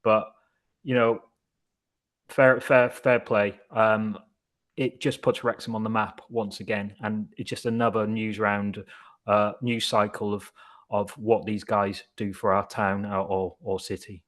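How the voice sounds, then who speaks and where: A man's voice: on the low side, level tone, unhurried, a bit bright. A man, co-hosting a casual podcast chat in a chatty way and swearing now and then. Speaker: podcast co-host.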